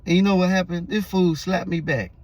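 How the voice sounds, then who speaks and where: A man's voice: high-pitched, steady tone, brisk, a little mellow, muffled recording. A man vlogging, telling a story in a loose, rambling casual way with restarts and fillers.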